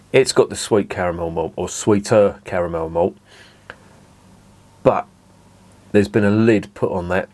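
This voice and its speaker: A man's voice: low voice, a little mellow. A man casually tasting and reviewing a beer, chatty and rambling as he savours it.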